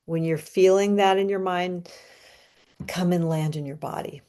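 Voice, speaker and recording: Slow, low-voiced woman guiding calmly. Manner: calm, soothing, unhurried. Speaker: astrology reader. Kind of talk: guided breathing and astrology talk.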